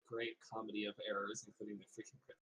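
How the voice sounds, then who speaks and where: A man's voice: on the low side, monotone, quick pace, pushed and bright, slightly rough, low-quality recording. A man playing a tabletop game over a voice call, joking and thinking aloud about tactics.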